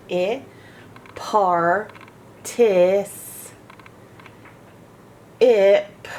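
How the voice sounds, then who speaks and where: A woman teaching a phonics lesson to children, sounding out each word slowly, syllable by syllable. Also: fairly low pitch, slight background noise. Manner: slow, sounding out syllables one by one. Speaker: reading teacher.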